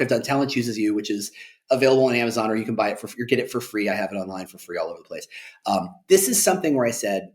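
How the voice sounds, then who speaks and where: A middle-aged man in a relaxed interview chat, lively and emphatic, throwing in jokes and rhetorical "right?"s. His voice sits at an ordinary middle pitch. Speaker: guest, employer branding expert. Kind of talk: conversational interview.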